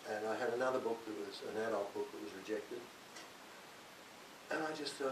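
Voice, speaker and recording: An older man speaks to a library audience in a relaxed, joking way. He is picked up from far back in an echoey hall. A steady hiss runs under his voice. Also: lowish voice, brisk, pauses often. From Australia. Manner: chatty, self-mocking, laughs often. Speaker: author speaking at a library event. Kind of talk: talk to an audience.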